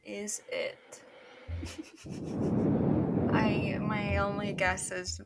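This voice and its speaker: A woman's voice: mid-range voice, level tone, extremely slow, very noisy. A woman co-hosting a podcast, casually chatting and stalling hesitantly while she thinks of an answer. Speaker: podcast co-host. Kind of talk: casual game chat.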